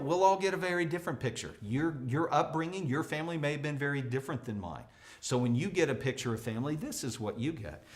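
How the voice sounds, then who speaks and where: A middle-aged American man teaching a leadership lesson at a whiteboard, talking emphatically and acting out quoted voices. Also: mid-range voice. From United States. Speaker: leadership trainer.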